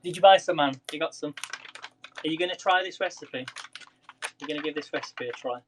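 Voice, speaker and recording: A man's voice: on the high side, brisk, a little hiss or hum, rough recording. A man chatting casually to viewers during a live cooking stream, often laughing and greeting people by name. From England. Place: home kitchen.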